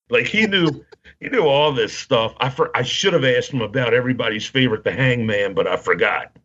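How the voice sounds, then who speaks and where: A husky-voiced man in his fifties from Baltimore spins a rambling story in casual podcast chat. The sound is a little dull and lo-fi. His pitch sits in an ordinary middle range. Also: fairly quick, fairly bright tone. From Baltimore, Maryland. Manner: rambling anecdotes, acts out quoted voices.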